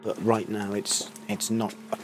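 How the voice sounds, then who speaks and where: A man's voice: lowish voice, flat delivery, measured pace, background noise. A man co-hosting a comic ghost hunt in an old pub at night, talking in a dry, mock-earnest, self-mocking way. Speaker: co-host. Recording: roomy echoey pub room.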